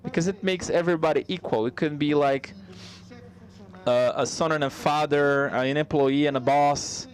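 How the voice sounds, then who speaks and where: A man giving a live spoken interpretation of a stand-up comedy set, conversational and halting, with frequent restarts. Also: a little high, steady tone.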